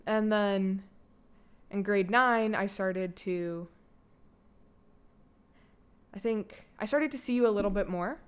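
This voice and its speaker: Smooth-voiced young Canadian woman, chatty. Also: medium pitch, takes it slowly, pauses often. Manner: candid, loose and chatty, heavy filler "like", swears freely. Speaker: guest, daughter of the host. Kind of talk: casual personal storytelling.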